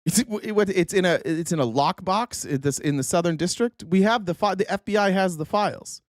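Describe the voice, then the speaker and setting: A man hosting a casual political commentary show, sarcastic and profane with quick asides. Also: high voice, no room sound, clean studio sound. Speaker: host.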